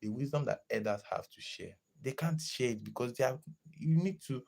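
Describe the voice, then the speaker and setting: A young man chatting casually on a live stream, lively and greeting viewers in the chat as he talks. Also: medium pitch, a little fast, gravelly. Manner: animated, greets chat viewers, slips into pidgin.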